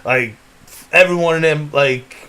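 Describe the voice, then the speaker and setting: A young man tells a long rambling story to a friend on his podcast. His voice sits high for a man, and he laughs and swears his way through the tale. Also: a little slow, bright, forceful tone. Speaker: podcast host. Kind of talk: casual storytelling chat.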